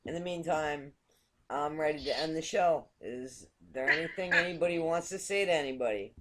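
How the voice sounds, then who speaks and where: A woman's voice: low-pitched, normal speed, heavy background noise. A woman from Canada hosting a casual group video chat, chatty and giggly, often restarting her words. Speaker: host.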